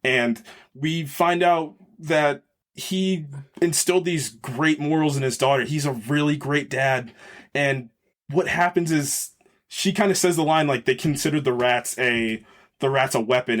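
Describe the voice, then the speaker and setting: A man talks through a movie review on a podcast, relaxed and unscripted. He rambles and restarts, reaching for the right word as he goes. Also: medium pitch, normal speed. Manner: rambling, searches for words mid-sentence. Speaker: podcast host. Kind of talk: casual film review chat.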